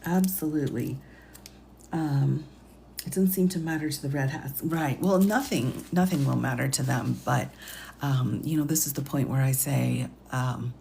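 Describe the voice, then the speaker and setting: Woman, attorney livestream host, low voice, gravelly, hushed late-night chat from home. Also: a little hiss or hum. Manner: hushed, with quiet chuckles.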